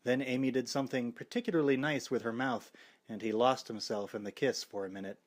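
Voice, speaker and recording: Wry, expressive male audiobook narrator. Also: mid-range voice. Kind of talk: scripted horror novel narration.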